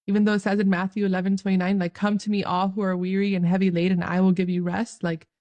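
A woman's voice: mid-range voice, darkish tone. A young woman giving an earnest, joyful faith talk straight to her viewers, laughing often as she speaks. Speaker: Catholic speaker.

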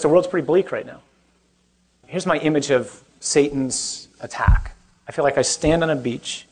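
A man preaching as a parish priest, conversational and joking, often putting questions to his young listeners. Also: fairly high pitch. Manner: conversational, self-deprecating, asks the audience questions. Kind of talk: humorous preaching to a young audience.

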